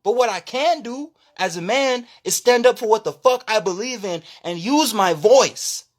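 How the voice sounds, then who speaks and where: Expressive and at a moderate pace, a male spirituality content creator launches into a profane, preachy live-stream rant. He's loud and impassioned, shifting from shouts down to low asides.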